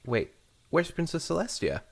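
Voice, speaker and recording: An earnest young female pony princess speaks with nervous eagerness, as a man puts her on. She is pitched well above his usual low voice and moves lively through her lines. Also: moderate pace, vocal fry, heavily acted.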